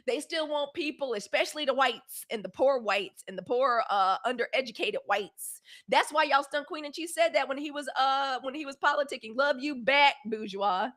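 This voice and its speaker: A woman hosts a live stream in a loose, casual way. Her voice sits a little high, and she swings from loud, lively bursts to soft asides. She talks straight to her viewers. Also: normal speed. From Mississippi. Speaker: host.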